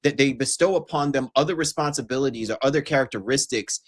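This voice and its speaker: Male podcast host, mid-pitched, emphatic run-on talker, relaxed sports banter. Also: quick pace. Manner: emphatic, long run-on arguments. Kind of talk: casual sports chat.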